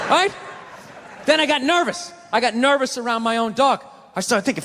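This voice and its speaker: A male stand-up comic with a very high, bright, forceful voice, ranting in an animated, profane way. His set is recorded in a live venue with a long reverb tail and faint background noise. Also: fairly quick. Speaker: stand-up comedian. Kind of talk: stand-up routine.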